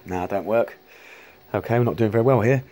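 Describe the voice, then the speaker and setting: A man's voice: fairly low pitch, brisk, a little mellow, slight background noise. A man chatting casually to camera, rambling with many restarts and casual swearing. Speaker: vlogger showing arcade machines.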